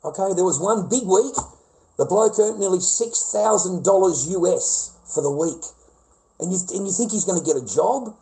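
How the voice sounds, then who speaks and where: Rowdy, foul-mouthed Australian man, high voice. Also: expressive, moderate pace, dark tone, rough recording. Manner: profane, rambling, rowdy banter. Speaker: livestreamer. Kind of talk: casual livestream chat with callers.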